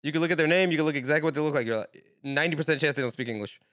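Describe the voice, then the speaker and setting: A comedian guest chats fast on a podcast, telling jokey stories and tripping over frequent restarts. His voice sits a little high, and the sound is dry and close. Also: fairly bright tone, no room sound. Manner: rapid, stammering restarts, jokey storytelling. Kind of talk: casual podcast chat.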